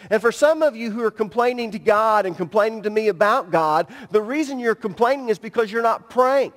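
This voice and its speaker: A man's voice: extremely high pitch, a bit bright. A middle-aged man preaching as a pastor, talking directly and emphatically to his congregation. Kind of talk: sermon. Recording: long reverb in a church hall.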